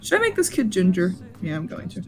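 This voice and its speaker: A woman's voice: lowish voice, wildly swooping pitch, quick pace, darkish tone, faint music behind. A woman player chatting playfully at a tabletop game. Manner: playful, giggly. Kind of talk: casual chat at a tabletop game.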